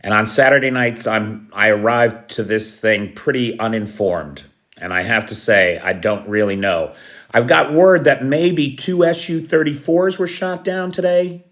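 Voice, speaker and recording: A man's voice: medium pitch, a little slow, fairly bright tone. A man hosting a casual live stream, greeting viewers by name and chuckling at his own jokes. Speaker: livestream host. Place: Kyiv.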